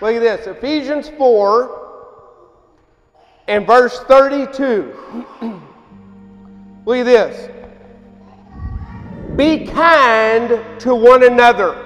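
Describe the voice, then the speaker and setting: A man's voice: extremely high pitch, drawn-out words, pauses often, fairly bright tone, muffled recording. A man, preaching a sermon in a folksy, emphatic way. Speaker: pastor. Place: church hall. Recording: hall reverb with faint music.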